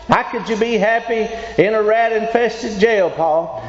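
High-voiced preacher man in an echoey hall. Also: measured pace, few pauses. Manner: folksy and emphatic, asks the congregation questions. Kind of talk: sermon with call-and-response. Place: church hall. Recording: echoey hall, dull lo-fi sound.

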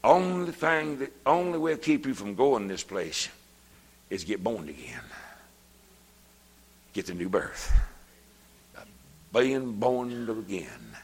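An older man preaching a sermon, folksy and plain-spoken, his voice swelling up into shouts. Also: lowish voice, sing-song, takes it slowly, pauses often, breathy edge, in a large hall.

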